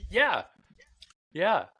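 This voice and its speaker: A man's voice: high voice, huge pitch swings, drawn-out words, bright, forceful tone, breathy edge. A man hosting a podcast, chatting casually and thinking aloud with fillers. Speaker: podcast host. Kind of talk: casual chat.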